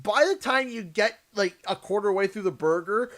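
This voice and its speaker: A young man, hosting a gaming livestream and chatting with viewers in a jokey, animated way. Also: high voice, moderate pace. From Canada. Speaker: livestream host. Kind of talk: casual gaming livestream chat. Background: game music.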